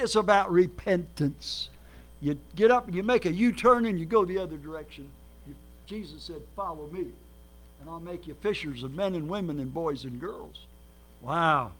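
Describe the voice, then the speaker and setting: A man preaching as a guest, telling his life story with lively acted quotes and sudden swings between loud and soft. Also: sits high. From Minnesota, United States. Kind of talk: sermon.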